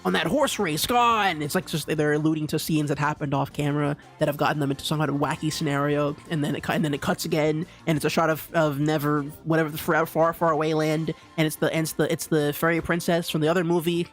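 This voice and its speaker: A man's voice: a little high, little pitch movement, fast talker, hardly any pauses, faint music behind. A young man streaming live, rambling casually and stammering through many restarts and repeats.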